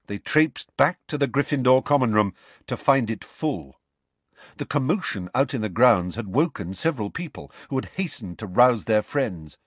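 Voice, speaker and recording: A man reading a novel aloud as narrator, steady and expressive. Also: mid-range voice, moderate pace, husky, dry recording. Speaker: audiobook narrator. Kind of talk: scripted narration.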